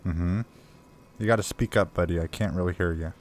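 Low-voiced man joking through a horror game. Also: steady tone, fairly quick, slight background noise. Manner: casual, joking, reads game notes aloud. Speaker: let's play gamer. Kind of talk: gameplay commentary.

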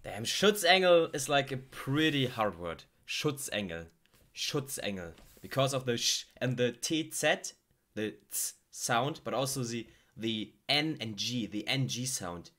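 A man's voice: medium pitch, animated, measured pace, fairly bright tone. A German man hosting a reaction video, gushing over clips and explaining how words are pronounced. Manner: gushing, exclamatory, explains pronunciation. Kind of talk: excited reaction commentary.

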